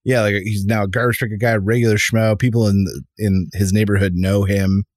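A deep-voiced man talks through a trailer in an easygoing, measured way on a casual podcast. His voice is dry and close to the mic. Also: little pitch movement, darkish tone, dry recording. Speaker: podcast co-host.

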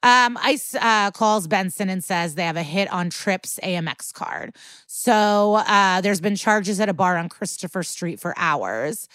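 A woman's voice: mid-range voice, a little slow, fairly bright tone, dry recording. Chatty woman with a dry close sound. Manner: chatty, profane, acts out quotes. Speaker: podcast co-host. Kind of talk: casual episode recap.

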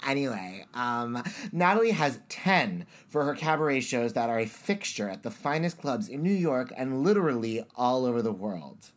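A man's voice: mid-range voice, big pitch swings, moderate pace, few pauses. A man hosting a casual chat, playful and joking, fond of doing accent impressions. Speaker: podcast host.

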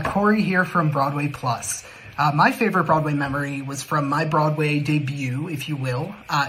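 A man's voice: fairly high pitch, a bit bright, a little hiss or hum, low-quality recording. A man recording a personal story, earnest, starting lines with uh. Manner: many "uh" fillers, earnest. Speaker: listener sending a memory.

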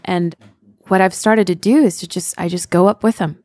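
A woman in her thirties co-hosting a podcast talks candidly and earnestly about parenting in a reflective conversation, using fillers like "you know." Her lowish, slightly mellow voice has fairly even intonation and normal speed, with no echo.

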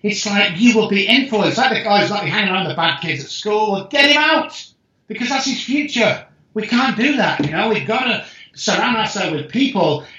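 A man speaking as a guest addiction specialist, telling stories in an emphatic, excitable way that jumps in pitch and loudness. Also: normal speed. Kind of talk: animated storytelling in conversation. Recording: echoey room, dull lo-fi sound.

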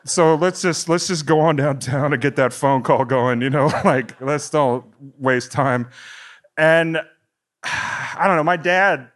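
Animated, rambling middle-aged male comedian. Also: slow. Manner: rambling, animated, voice climbs high when worked up. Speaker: stand-up comedian. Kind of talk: stand-up storytelling.

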